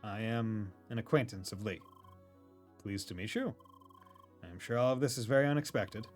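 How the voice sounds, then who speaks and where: A man's voice: fairly low pitch, moderate pace, a little mellow, faint music behind, natural voice. A man voicing a formal, secretive man who speaks stiffly and carefully.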